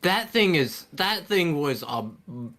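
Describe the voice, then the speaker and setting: Young man, podcast co-host, casual chat, animated storytelling, slightly high voice. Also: takes it slowly.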